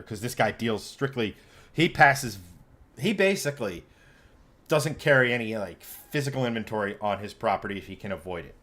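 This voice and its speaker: A man's voice: lowish voice, normal speed. A man hosting a casual podcast, telling a long story with lots of swearing and acting out what other people said. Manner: animated, swearing, acts out quoted people. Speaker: podcast host.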